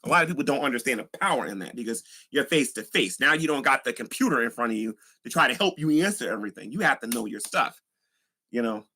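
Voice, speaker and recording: A man's voice: medium pitch, expressive, fast talker, pushed and bright, husky. A man who does street evangelism, talking casually and earnestly about faith, rambling with many fillers. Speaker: Christian YouTuber, street evangelist. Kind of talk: casual preaching talk.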